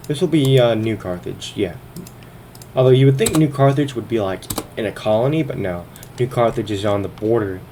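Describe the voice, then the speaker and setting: A gaming video host with a mid-range, dark-toned voice casually comments on a strategy game, thinking aloud as he narrates each turn and sometimes sounding a little out of breath. A little hiss or hum is audible.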